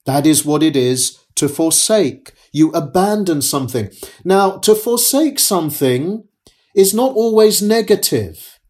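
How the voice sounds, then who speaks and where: A pastor delivering a sermon in a slightly higher-than-usual male voice. He speaks very slowly and deliberately, repeating his phrases for emphasis and pausing often between them. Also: expressive, darkish tone. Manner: measured, repetitive, emphatic preaching with pauses.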